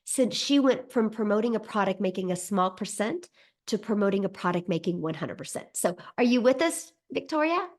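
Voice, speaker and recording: A woman's voice: medium pitch, lively intonation, fairly quick. A woman hosting a livestream interview, introducing her guest in an upbeat way. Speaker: host.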